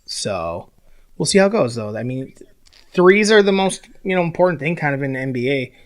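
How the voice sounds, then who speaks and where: With a fairly high voice and a fairly quick delivery, this young podcast co-host goes on an animated sports rant. Swearing is frequent, and he throws in mocking impressions and fake quotes.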